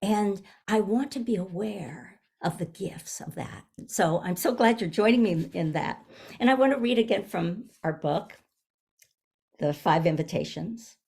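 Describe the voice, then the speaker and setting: A woman in her seventies, a minister giving a gentle, reflective sermon, often pausing and restarting her phrases. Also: medium pitch, lively intonation, gravelly, slightly rough. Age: 70s. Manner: gentle, searching, with frequent restarts. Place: online service.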